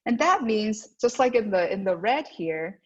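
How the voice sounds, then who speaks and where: Woman talking to parents at a school, husky voice, keeps asking "right?", kinda dull lo-fi recording. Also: mid-range voice, lively intonation, measured pace. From United States. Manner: frequent "right?" check-ins, acts out quoted voices. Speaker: guest speaker at a school. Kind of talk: presentation to parents. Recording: dull lo-fi sound.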